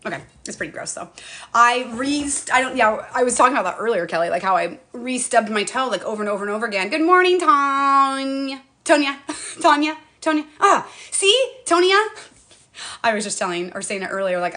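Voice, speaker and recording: A woman's voice: fairly high pitch, bright, forceful tone. A middle-aged woman chatting casually on a home live stream, bubbly and talkative, greeting viewers by name.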